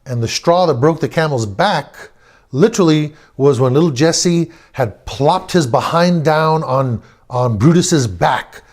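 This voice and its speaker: A man telling a personal family story, animated, acting out the quotes and chuckling often. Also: on the high side, unhurried.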